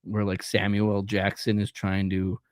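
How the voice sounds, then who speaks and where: A man's voice: lowish voice, monotone, moderate pace, no echo. A young man co-hosting a casual podcast chat, rambling and acting out quotes in silly voices. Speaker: podcast co-host.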